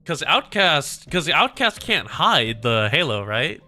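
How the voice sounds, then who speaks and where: A young man reading a game story aloud on a stream and breaking off into playful, quick asides. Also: fairly high pitch, sing-song, pushed and bright, faint music behind.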